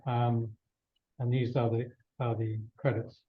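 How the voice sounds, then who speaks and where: Rambling man, slightly hoarse, lo-fi. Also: medium pitch, flat delivery, unhurried. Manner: rambling, restarts often. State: losing his voice. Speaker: guest speaker. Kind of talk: casual slide talk. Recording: dull lo-fi room recording.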